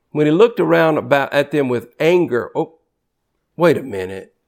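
A man preaching a sermon in an animated, conversational way, reading scripture quickly and jumping sharply in pitch for emphasis. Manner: reads scripture aloud quickly.

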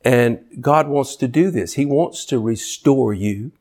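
A man preaching a sermon in a folksy way, building to high, excited shouts. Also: a little slow.

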